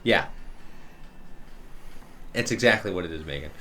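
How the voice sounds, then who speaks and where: A man's voice: low-pitched, unhurried, bright, forceful tone, faint music behind. A man narrating a tabletop game as dungeon master, loose and rambling. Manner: loose, rambling, many restarts.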